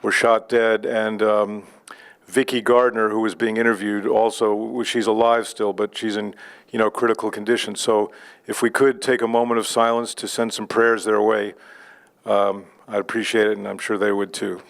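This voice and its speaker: Halting low-voiced man hosting an open mic. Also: level tone, vocal fry. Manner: halting, many fillers and restarts. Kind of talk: casual emcee remarks. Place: live studio venue.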